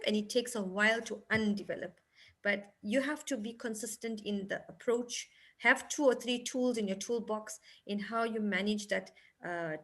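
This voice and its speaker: A woman family counselor giving parenting advice in a panel discussion, acting out little scenes as she explains. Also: a little high. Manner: animated, acts out parent and teddy bear lines.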